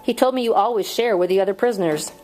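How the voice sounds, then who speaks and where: A woman's voice: medium pitch, fast, darkish tone, natural voice, poor audio. A woman voicing an earnest young male schoolteacher in an audiobook reading, pleading with strained patience.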